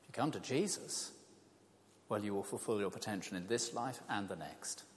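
A man's voice: fairly low pitch, normal speed. Man giving a talk in a reverberant hall. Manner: conversational, self-deprecating, animated storytelling. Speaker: speaker at an evangelistic talk. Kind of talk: evangelistic talk with anecdotes.

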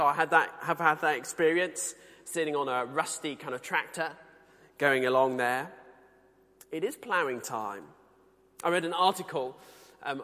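A male preacher from the UK delivers a sermon, talking in an easy, conversational way that stays earnest. He slows down whenever he reads scripture aloud. His voice sits a little on the high side, and it carries a long reverb from a large hall. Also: fairly bright tone. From United Kingdom.

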